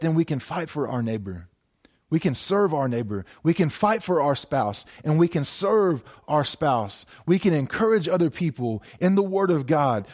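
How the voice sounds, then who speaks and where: His voice sits a little high with a darkish tone as he preaches, pastor-style, to viewers at home through a camera. Phrases get repeated for emphasis, and he frequently stumbles and starts over.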